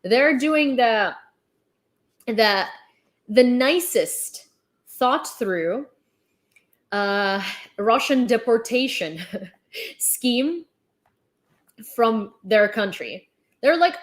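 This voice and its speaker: A woman's voice: on the high side, expressive, extremely slow, long pauses. A young adult woman livestreaming casual commentary on the news. She talks in a chatty, sarcastic way, with lots of fillers and restarts.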